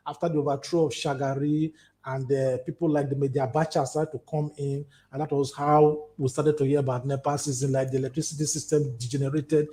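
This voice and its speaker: A Nigerian man in his fifties with a Nigerian accent, an activist talking in an animated, storytelling way in an interview. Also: a little high. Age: 50s. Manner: animated, storytelling, repetitive emphasis. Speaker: activist guest. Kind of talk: conversational interview.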